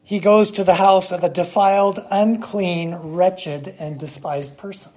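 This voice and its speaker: Husky preacher in a sermon, really slow and deliberate, big pauses for effect. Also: mid-range voice, steady tone, a little mellow. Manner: emphatic, with long dramatic pauses; asks rhetorical questions of the congregation.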